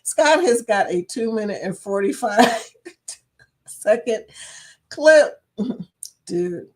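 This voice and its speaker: A woman hosts a relaxed live chat, greeting viewers by name and laughing often. Her voice sits at a medium pitch. She keeps a friendly, chatty flow. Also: drawn-out words. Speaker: livestream chat host. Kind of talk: casual live-stream chat.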